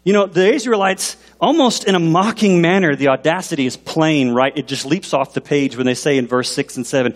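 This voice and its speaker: An animated man preaching from a pulpit in a fairly high voice. He questions his congregation directly, and a long echo trails each phrase through the church hall. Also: fairly quick, few pauses. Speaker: pastor. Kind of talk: sermon. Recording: long reverb in a large hall.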